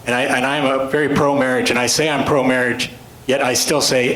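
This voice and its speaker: Late-50s male storyteller, self-deprecating humor, mid pitch, roomy hall sound. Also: level tone, fairly quick, fairly bright tone, slight background noise. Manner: dry, self-deprecating joke delivery, rambling asides. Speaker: storyteller and author giving a talk. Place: club meeting room with an audience. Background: audience laughter.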